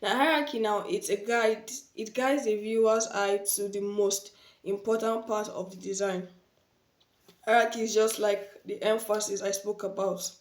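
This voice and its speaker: A woman's voice: medium pitch, steady tone, normal speed. A woman teaching design basics in an informal spoken tutorial, often repeating her key points and affirming them with "yes". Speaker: design instructor. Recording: echoey room.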